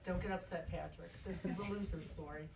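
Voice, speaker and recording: A woman's voice: lowish voice, fairly even intonation, a little fast, vocal fry. A woman sharing memories at a memorial service, chatty and often laughing as she tells her stories. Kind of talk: informal eulogy storytelling. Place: memorial service gathering, indoors. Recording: echoey room from far off, loud noise.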